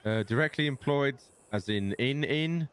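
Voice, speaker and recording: His medium-pitched voice is clean in tone and measured in pace. In character as a roleplay gang leader, the young Londoner tells a long, rambling story full of swearing.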